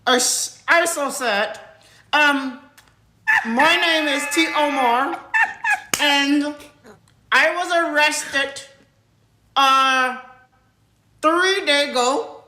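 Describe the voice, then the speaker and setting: A man putting on a high, slow, whiny voice in a comedy clip, telling of his arrest in a self-pitying way. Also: pushed and bright, reverberant, full character voice.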